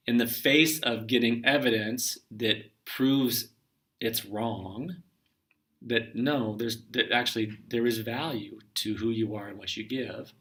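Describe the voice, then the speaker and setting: Male spiritual teacher, gentle and musing, clear bright timbre, recorded from a slight distance. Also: mid-range voice. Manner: gentle, musing, often trails off softly. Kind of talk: reflective solo talk.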